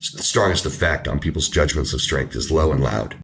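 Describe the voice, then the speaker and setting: A man speaking as a researcher guest in an interview, explaining ideas slowly with many ums and restarts. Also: a bass voice, creaky, fairly bright tone. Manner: explanatory, hesitant with fillers. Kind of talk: conversational interview.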